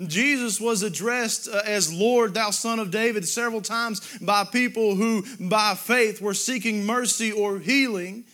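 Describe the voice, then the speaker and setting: A man preaching a sermon, drawing out Bible quotes and rising to loud emphatic exclamations. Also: high voice, measured pace, few pauses.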